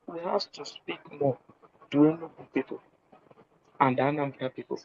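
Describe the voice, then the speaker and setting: A man's voice: moderate pace, long pauses, a little mellow, husky. A man calling in from a public place, hesitant and apologetic, repeating himself as he makes his point. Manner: speaks low at first, in a public place. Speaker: caller. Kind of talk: live audio-room call. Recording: muffled lo-fi phone line with faint background noise.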